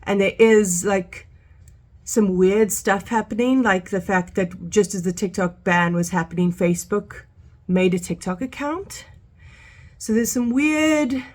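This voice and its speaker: Chatty woman vlogging, rambling with fillers. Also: medium pitch. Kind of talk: casual vlog chat. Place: at home and outdoors in a park.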